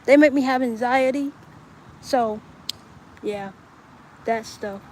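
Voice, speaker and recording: A woman's voice: a little high, slow, darkish tone, slight background noise, poor audio. A young woman livestreaming outdoors, rambling casually and talking straight to her viewers. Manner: rambling, chatty, talks to viewers. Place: outdoors in bright sun.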